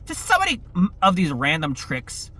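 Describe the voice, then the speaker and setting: Young guy reviewing a movie, high voice, cursing a lot, super animated. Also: normal speed. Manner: profane, animated, exasperated. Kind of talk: casual ranting review.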